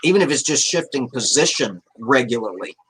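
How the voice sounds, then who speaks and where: Rambling, swearing livestream host, bright voice. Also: male voice, medium pitch, lively intonation, brisk, a little hiss or hum, rough recording. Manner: rambling, reads out chat messages, swears casually. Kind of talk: casual livestream chat.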